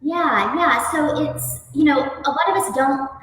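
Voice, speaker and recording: A woman yoga instructor speaking calmly, gently guiding breathing and stretches. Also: high-pitched, unhurried, very echoey, big-room sound, recorded from a distance, poor audio. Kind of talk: guest interview then guided yoga instruction.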